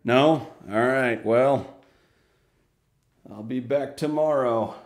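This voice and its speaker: A man's voice: medium pitch, slow pace, natural voice. Casting: a man putting on a patient, mild-mannered lawyer in a home skit, plain mid voice in an echoey room. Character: mild-mannered male lawyer negotiating a prisoner swap.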